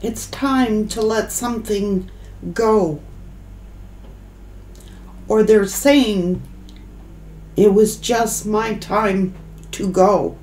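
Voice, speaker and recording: A woman giving a tarot reading, emotional and choking up, pausing to collect herself. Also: mid-range voice, darkish tone, echoey room, a little hiss or hum, rough recording. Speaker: tarot reader.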